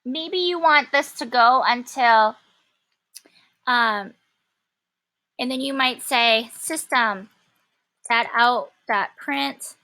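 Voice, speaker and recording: Woman, casual coding teacher, bright voice, slightly high, lots of ums. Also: slow, long pauses. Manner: casual, many ums, thinking aloud while typing. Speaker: programming teacher. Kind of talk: classroom coding lesson.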